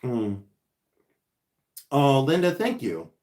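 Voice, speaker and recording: A man's voice: medium pitch, very animated, slow, warm tone. A man hosting a casual livestream, chatting in a distracted, rambling way as he unboxes vintage finds and answers viewer comments.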